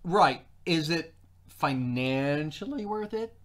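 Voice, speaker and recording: A young man co-hosting a live stream, chatting casually in a rambling way. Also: slow. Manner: rambling, animated, jumps between pitches. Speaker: co-host.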